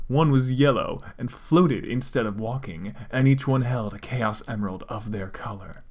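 A man's voice: mid-range voice, normal speed, hardly any pauses. Man doing a dramatic comic reading. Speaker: comedic fanfic reader. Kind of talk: dramatic reading with wry asides.

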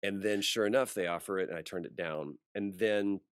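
Deep-voiced man telling a story. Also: a little fast, smooth, no room sound, studio quality. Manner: animated storyteller acting out quoted voices. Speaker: voice actor guest. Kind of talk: casual interview storytelling.

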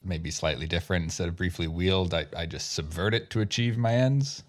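A man playing a tabletop role-playing game, talking through his choices in a playful, amused way. His voice is very low. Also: fairly quick. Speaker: player. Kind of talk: casual tabletop play.

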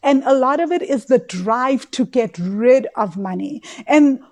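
A woman, coaching on money and mindset in casual podcast talk, animated and emotive. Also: high voice, a little slow. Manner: animated, emotive, acts out inner voices.

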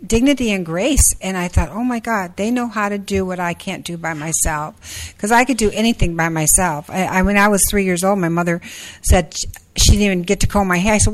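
A woman in her sixties speaks at a support group meeting. She talks haltingly, with many fillers and restarts, in a middle-pitched voice. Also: low-quality recording. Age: 60s.

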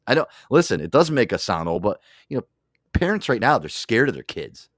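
Fast-talking, animated male podcast host. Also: medium pitch, no room sound, clean studio sound. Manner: profane, joking storyteller. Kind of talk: casual chat.

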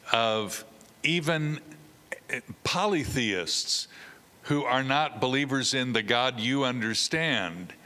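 Man, preacher, lively storytelling sermon, bright crisp voice, long hall reverb. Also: mid-range voice. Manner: animated storytelling, acts out voices with humor.

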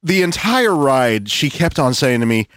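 A man's voice: mid-range voice, sing-song, a little slow, a bit bright, clear, resonant tone, no room sound. A man in his thirties, a podcast host, telling a crude story in laid-back, laughing casual chat. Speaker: podcast host and rideshare driver.

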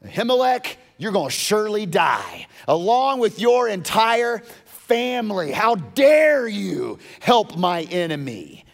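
A preacher voicing a furious shouting king. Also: sits high, very animated, slow pace, gravelly, voice pushed up, heavily acted. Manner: shouting, threatening.

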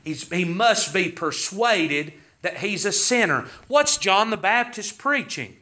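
Lively high-voiced man teaching scripture. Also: slow pace, few pauses. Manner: reads scripture aloud in King James wording, then explains it. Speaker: Sunday school teacher. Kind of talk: Bible teaching sermon. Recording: dull, lo-fi recording.

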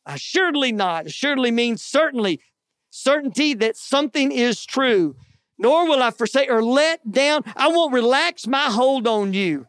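A man's voice: very high-pitched, expressive, moderate pace, a bit bright, no room sound, clean studio sound. A middle-aged man preaching a sermon in an earnest, conversational way, with folksy asides to the congregation. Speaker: pastor.

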